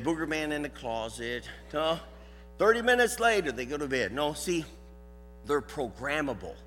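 An older man with a Southern US drawl preaches in a folksy, loud, animated way. His voice is bright and forceful. It rings through a hall with a long echo, and faint music sits underneath. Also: medium pitch. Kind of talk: sermon with a live dog demonstration.

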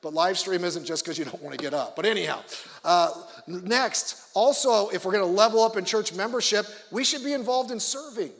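A male pastor preaching a conversational sermon with joking asides, swinging between loud emphasis and quiet low remarks. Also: lively intonation, fairly quick, long reverb tail.

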